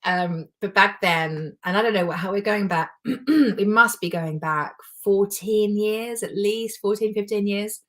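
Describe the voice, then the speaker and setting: A woman's voice: mid-range voice, measured pace. A woman, a life coach giving a heartfelt, personal motivational talk to a live audience. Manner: heartfelt, emotional, warmly personal.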